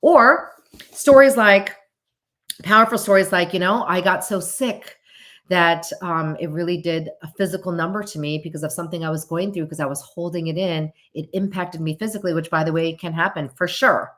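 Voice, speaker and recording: Low-voiced woman therapist chatting on a livestream. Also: brisk, a bit bright. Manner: chatty and reflective, thinking aloud. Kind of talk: livestream chat with viewers.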